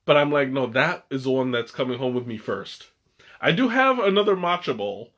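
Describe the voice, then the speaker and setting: A young man hosting a casual live stream, excitable and rambling, with many restarts and fillers. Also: medium pitch, normal speed. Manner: excitable, laughs often. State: has the hiccups. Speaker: tea stream host.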